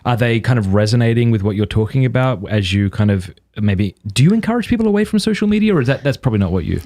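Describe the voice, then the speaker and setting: A man in his thirties hosts a relaxed podcast conversation, asking questions and cracking jokes. His voice sits at a middle pitch and moves up and down in a very lively way. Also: fast. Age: 30s. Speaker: podcast host. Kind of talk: casual interview chat.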